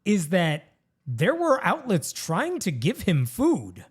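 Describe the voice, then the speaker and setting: A man's voice: high voice, huge pitch swings, takes it slowly, slightly rough. A man hosting a podcast, telling a news story in casual, conversational chat. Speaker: podcast host.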